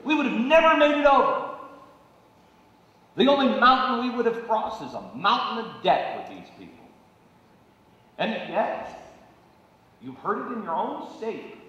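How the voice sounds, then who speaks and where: A middle-aged man giving a sarcastic, animated live stage monologue, mocking people by putting on their voices. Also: extremely high pitch, a little slow, long pauses, muffled recording. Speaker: political commentator on stage. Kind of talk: live stand-up style monologue. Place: large auditorium stage. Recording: echoey hall audio from far off.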